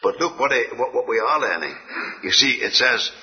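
A man preaches to a gathered congregation with an earnest, mid-pitched voice. He presses hard on key phrases, then drops to quiet asides. The sound is a bit muffled and rings with a long hall reverb. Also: expressive, normal speed. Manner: earnest, wide swings between emphatic and hushed. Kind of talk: sermon.

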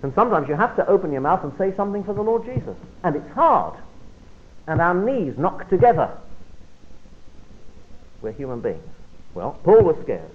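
Man preaching a Bible study, fairly high voice, dramatic quiet drops, narrow phone-like audio. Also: moderate pace, pauses often. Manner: expressive, emphatic delivery with sudden drops to quiet.

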